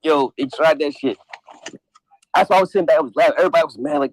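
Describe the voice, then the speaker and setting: A man's voice: fairly high pitch, racing, dry recording, rough recording. A man hosting a casual podcast chat, talking bluntly with heavy profanity. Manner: profane, animated, blunt trash talk. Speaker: podcast host.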